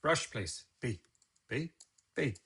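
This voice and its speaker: A man's voice: mid-range voice, expressive, slow pace, fairly bright tone, slightly rough. A man, a photographer teaching photo editing on a live stream, muttering his steps aloud and scolding himself. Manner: muttering, self-scolding, chatty asides.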